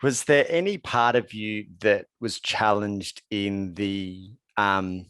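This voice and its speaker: A man's voice: fairly low pitch, slow, a bit bright, smooth, no room sound. A man hosting a podcast interview, asking long, casual questions with fillers and murmuring agreement. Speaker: podcast host. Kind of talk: conversational interview.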